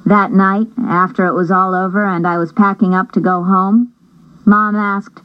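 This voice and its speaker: A woman reading a first-person novel aloud as an audiobook narrator, in a measured storytelling manner. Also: medium pitch, level tone, muffled recording.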